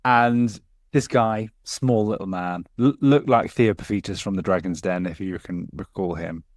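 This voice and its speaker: A man, co-hosting a casual podcast and telling sweary, animated work stories. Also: low-pitched, normal speed, no echo, studio quality. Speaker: podcast co-host. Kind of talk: casual chat.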